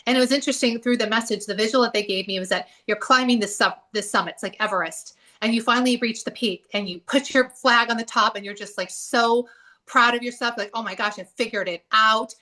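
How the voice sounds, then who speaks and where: A woman hosting a casual spiritual discussion, telling stories in an animated way and acting out the voices in them. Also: on the high side, fast talker, recorded from a distance. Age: adult, left a church at seventeen years ago. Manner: animated storytelling, acts out voices with laughs. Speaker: host.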